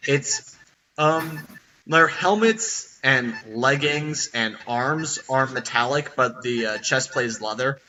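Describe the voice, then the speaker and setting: A man narrating a tabletop game as dungeon master, halting with many fillers, over online voice chat. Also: mid-range voice, bright, forceful tone, distant mic, slight background noise, low-quality recording.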